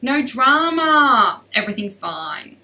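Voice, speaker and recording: A woman's voice: high-pitched, big pitch swings, takes it slowly, pushed and bright, far from the mic, voice pushed up, heavily acted. A woman voicing an easygoing, unbothered horse. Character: laid-back easygoing horse, unbothered and hungry.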